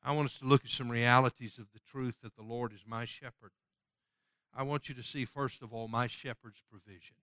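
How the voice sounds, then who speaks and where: A man preaching a sermon who swings from loud, ringing passages to soft, hushed appeals and quotes scripture in old-fashioned wording. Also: mid-range voice, fairly even intonation, fairly quick, no room sound, studio quality. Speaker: pastor.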